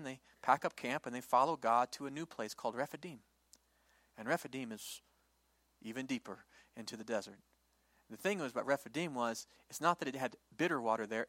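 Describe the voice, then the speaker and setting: A man preaching a lively sermon, retelling a Bible story and acting out its characters in quick voices. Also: fairly high pitch, no room sound. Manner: animated, acts out the people and God in quick voices.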